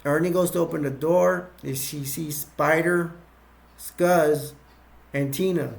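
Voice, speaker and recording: A man reviewing a movie by retelling its plot in a rambling, halting way, with many restarts. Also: on the high side, steady tone, gravelly.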